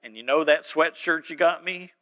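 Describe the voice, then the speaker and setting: A man voicing a drowsy, muddled male hospital patient in a slow, low mumbling drawl. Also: sharp tone, rough recording. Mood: sheepish.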